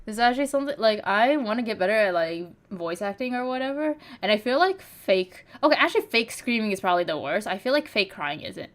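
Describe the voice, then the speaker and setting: A woman's voice: medium pitch, expressive, a little fast, few pauses. A young woman streamer chatting casually, rambling with many fillers and casual swearing. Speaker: vtuber streamer.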